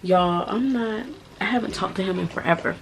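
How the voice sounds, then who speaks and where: A woman's voice: medium pitch, brisk, a little hiss or hum, rough recording. A woman in her twenties telling a personal story to her channel in a blunt, profane, emphatic way. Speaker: vlogger. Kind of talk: casual storytime vlog.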